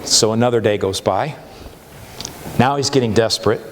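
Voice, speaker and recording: A man's voice: on the low side, moderate pace, a little hiss or hum. A male pastor giving a sermon in a conversational way, often checking in with "right?" as he talks. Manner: conversational preaching with frequent "right?" tags and restarts. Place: church sanctuary. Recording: church hall with long reverb.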